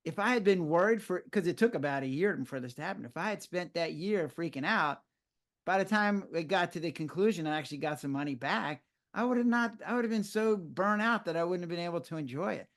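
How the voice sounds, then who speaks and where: Animated older man telling stories. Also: high voice, brisk. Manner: animated storyteller who acts out his own reactions. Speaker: physician guest. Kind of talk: conversational interview.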